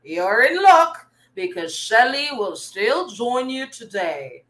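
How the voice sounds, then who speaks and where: A woman voicing a solemn king and father of a captive prince, with her tone pushed down to sound manly, speaking slowly and gravely. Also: very animated, fairly bright tone, full character voice, rough recording. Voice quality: deliberately lowered, manly tone. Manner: slow, grave proclamation.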